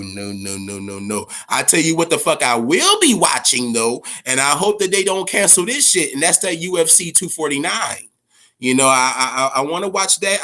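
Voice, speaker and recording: Hosting a boxing podcast, a man rants casually and profanely. He stammers and swings between a low grumble and loud outbursts.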